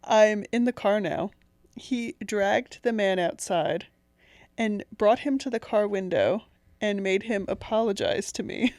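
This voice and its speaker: A woman's voice: mid-range voice, a little slow, darkish tone, no echo. A young woman podcast co-host telling a long personal story in casual chat, chatty and giggly.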